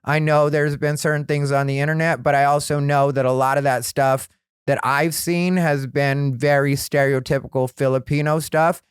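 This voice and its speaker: A male comedian hosting his own podcast, telling stories in a frank, rambling way that grows animated. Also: a little high, moderate pace, smooth, no room sound, clean studio sound. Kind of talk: candid solo podcast storytelling.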